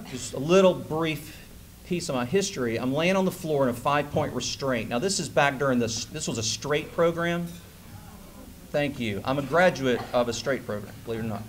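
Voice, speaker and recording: A man in his forties giving a conference keynote, telling a personal story with lively, acted-out dialogue. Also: medium pitch, slight background noise. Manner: animated storyteller who acts out quoted dialogue. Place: conference hall stage.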